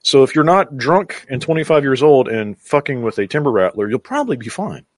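A man's voice: medium pitch, big pitch swings, a little fast, no room sound, studio quality. A man co-hosting a podcast in casual chat, ranting heatedly with plenty of swearing. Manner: heated, profane rants. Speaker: podcast co-host.

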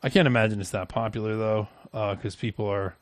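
A man's voice: fairly low pitch, steady tone, brisk, no room sound. A man hosting a heated political chat, rambling and mocking with many restarts.

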